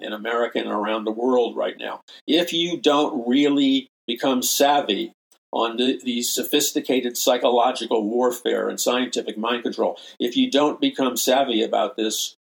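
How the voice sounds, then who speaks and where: A man's voice: mid-range voice, creaky, poor audio. An older man, a minister and show host, giving impassioned preaching commentary and repeating phrases for emphasis.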